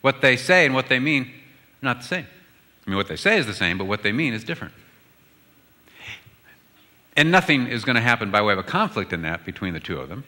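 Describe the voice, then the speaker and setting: Bright-voiced male preacher in a hall. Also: mid-range voice, sing-song, a little fast, long pauses. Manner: humorous storytelling, voices both spouses. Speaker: guest speaker. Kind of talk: sermon. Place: large church sanctuary. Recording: hall reverb from the sanctuary.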